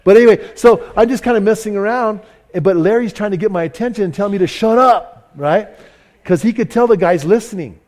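A man's voice: fairly high pitch, a little mellow. A man preaching a sermon in church, telling a story animatedly and mocking himself, with frequent restarts. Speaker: pastor. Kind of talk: sermon with anecdote. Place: church service.

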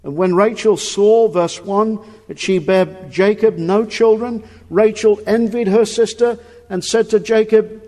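A male preacher delivering a sermon with earnest emphasis, pressing his listeners with rhetorical questions. His voice sits a little high for a man and rings out in the long reverb of a church hall. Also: fairly even intonation, a little slow, dark tone.

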